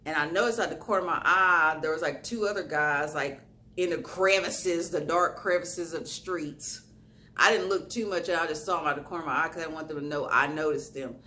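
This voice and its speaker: Bright-voiced young woman telling a story. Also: deep voice, a little fast. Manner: animated storytelling, acting out quoted lines. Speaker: vlogger. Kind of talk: casual storytime vlog.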